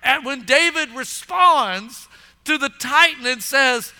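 A man's voice: very high-pitched, takes it slowly, clear, resonant tone. A man preaching a sermon in a church and acting out the voices of onlookers. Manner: animated preaching, acts out voices of listeners. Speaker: pastor. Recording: long hall reverb.

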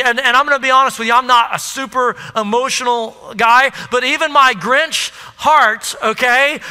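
Preacher, male, lively storyteller with a very high, bright voice, echoey sanctuary sound. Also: clean tone. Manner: animated storytelling, addresses the crowd. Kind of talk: sermon. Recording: echoey hall.

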